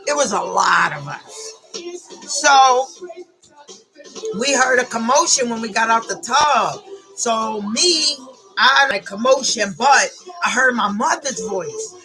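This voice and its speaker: Woman, slow emotional storyteller with a bright, forceful tone; halting delivery with repeats over faint music. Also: on the high side, poor audio. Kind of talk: personal storytelling.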